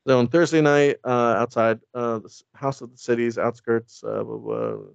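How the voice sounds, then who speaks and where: A man with a gravelly, creaky voice rambles through a comic retelling, swearing freely and laughing as he goes. His pitch sits in an everyday middle range. The sound is dry and a little dull, like a lo-fi recording. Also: fairly even intonation, normal speed, no echo. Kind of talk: casual comedic retelling.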